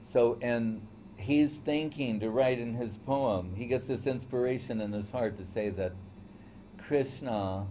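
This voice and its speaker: A man's voice: fairly low pitch, dark tone, a little hiss or hum. A man teaching a devotional lecture in a conversational storytelling way, often checking in with "right?". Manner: storytelling, acts out quoted voices. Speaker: spiritual teacher.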